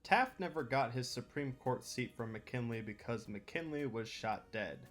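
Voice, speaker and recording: A man's voice: medium pitch, expressive, a little slow, faint music behind. A man hosting a history channel, narrating scripted commentary with opinionated, wry asides.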